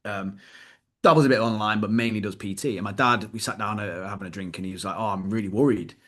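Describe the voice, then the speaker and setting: A British man co-hosting a casual fitness podcast, blunt and animated, swearing freely as he tells stories. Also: lowish voice, fast. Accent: British English. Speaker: podcast co-host, fitness coach.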